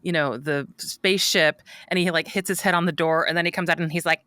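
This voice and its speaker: A woman's voice: fairly low pitch, steady tone, quick pace, hardly any pauses, fairly bright tone, no echo, clean studio sound. A woman co-hosting a podcast, chatting casually and gushing about her favorite lines. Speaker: podcast co-host. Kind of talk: casual chat.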